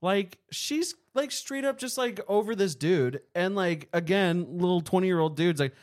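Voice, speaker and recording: A man's voice: high voice, a little slow, few pauses. A young man co-hosting a casual podcast, rambling through crude jokes with lots of "like" and frequent laughs. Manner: rambling, filler-heavy, crude, laughs often. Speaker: podcast co-host.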